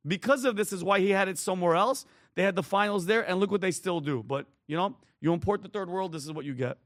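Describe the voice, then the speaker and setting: A man's voice: high-pitched, fast talker, no echo, clean studio sound. A man co-hosting a talk show, giving heated, emphatic political commentary and directing the screen operator. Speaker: co-host.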